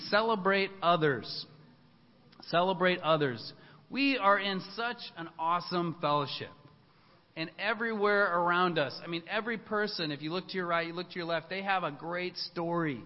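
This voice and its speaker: A man's voice: high-pitched, normal speed. A man giving a sermon in a conversational way, telling a personal story with many fillers and restarts. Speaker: preacher. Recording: muffled sound with long hall reverb.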